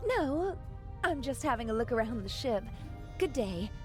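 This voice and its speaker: A woman's voice: a little high, very animated, normal speed, music in the background. An actress playing an observant woman passenger in a video game, polite and matter-of-fact. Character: observant woman passenger poking around a ship. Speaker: game protagonist.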